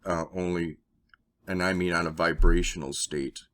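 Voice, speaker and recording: Give me a low-voiced man telling a rambling story. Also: moderate pace. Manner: rambling, swears, retells scenes with excited acted-out dialogue. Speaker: interview guest. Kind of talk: casual storytelling.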